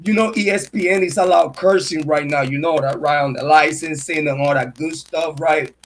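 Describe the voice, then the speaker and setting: A man's voice: fairly high pitch, fairly even intonation, normal speed, a little hiss or hum, rough recording. A man hosting a casual livestream monologue, talking in boastful, swaggering street slang about himself. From Puerto Rico. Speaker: true crime and sports commentary host.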